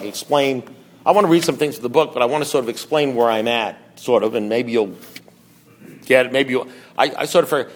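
Rambling self-mocking middle-aged man. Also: mid-range voice. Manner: rambling, self-mocking, animated storytelling with restarts. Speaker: recovery meeting speaker. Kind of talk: storytelling share at a support meeting.

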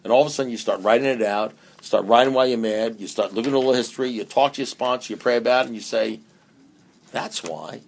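At a recovery meeting, a man with a medium-pitched, creaky voice speaks fast as an AA speaker. His talk is humorous and emphatic, full of restarts and repeated phrases.

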